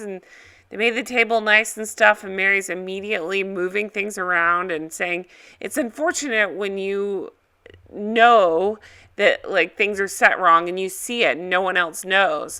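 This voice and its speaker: A woman's voice: mid-range voice, pushed and bright, smooth. A woman hosting a reaction video, giving a casual, blunt and opinionated recap.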